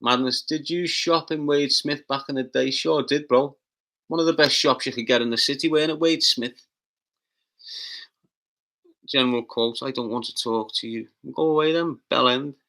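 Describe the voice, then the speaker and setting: A man with a Liverpool accent hosting a casual livestream, reading out chat comments with brash, sweary, rapid-fire banter and loud taunting outbursts. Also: a little high, fairly even intonation. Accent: Liverpool (Scouse). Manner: bursts into loud taunting rants.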